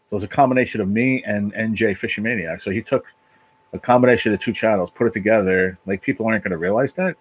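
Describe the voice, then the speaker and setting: Husky, low-voiced man venting on a livestream. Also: poor audio. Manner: halting, repetitive, swears a lot. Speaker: livestream channel host. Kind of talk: emotional casual livestream chat. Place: apartment at home.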